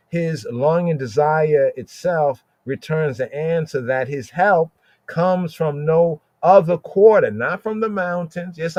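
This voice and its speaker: A man's voice: fairly high pitch, darkish tone, dry recording. Man musing aloud over scripture, muffled. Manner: thinking aloud, frequent "right?" and "you know", halting restarts. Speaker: podcast host teaching scripture. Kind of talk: casual scripture study talk. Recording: dull, dry lo-fi sound.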